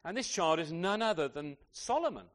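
High, animated male preacher. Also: fairly quick. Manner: animated, leans on rhetorical tag questions; repeats words as he restarts phrases. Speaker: pastor. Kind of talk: expository sermon.

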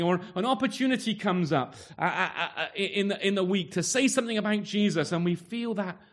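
A man preaching a sermon with a voice that sits a little higher than most men's. He talks to his congregation conversationally, tagging his points with questions like "isn't he?" and stumbling into restarts as he reaches for words. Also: fairly bright tone. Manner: conversational, full of rhetorical tag questions.

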